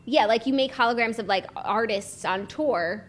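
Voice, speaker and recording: A woman's voice: a little high, normal speed. A woman co-hosting a casual chat show, bubbly and jokey. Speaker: podcast co-host. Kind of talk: casual chat with comic royal impressions.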